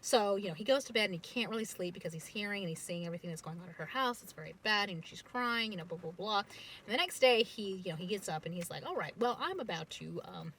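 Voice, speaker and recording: A woman telling a family story casually, full of fillers and animated asides. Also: medium pitch, fast, a little hiss or hum, poor audio. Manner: chatty, many fillers, animated.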